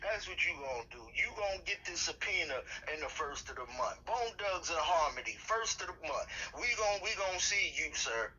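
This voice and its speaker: A man's voice: fairly high pitch, expressive, fairly quick, few pauses, bright, forceful tone, a little hiss or hum. Indignant man on a muffled phone line. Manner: indignant, keeps tacking on "sir"; blustering, repetitive threats. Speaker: caller in a comedy phone bit. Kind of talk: comedic phone argument.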